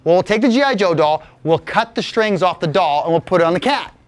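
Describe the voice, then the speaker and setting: A man's voice: high-pitched, animated, fairly quick. A man voicing his childhood friend, a boy persuading others into a scheme. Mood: scheming. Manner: conspiratorial, persuading.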